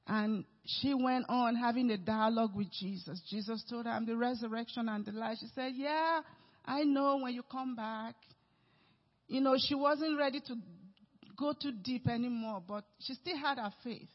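A male pastor preaching a sermon, emphatic, with sudden swings between loud and soft. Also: very high-pitched, fairly even intonation, moderate pace. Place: church sanctuary. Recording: reverberant hall, dull sound.

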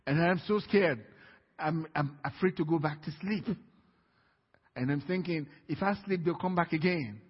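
Male preacher, storytelling sermon delivery with quiet-to-loud swings, husky tone, dull lo-fi sound. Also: on the high side, moderate pace. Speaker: guest preacher. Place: church sanctuary. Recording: dull, reverberant church hall.

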